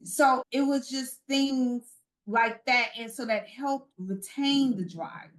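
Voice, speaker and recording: Earnest woman guest from Chicago. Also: sits high. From Chicago, United States. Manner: earnest, with halting restarts. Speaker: podcast guest, recruitment business founder. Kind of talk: casual interview chat.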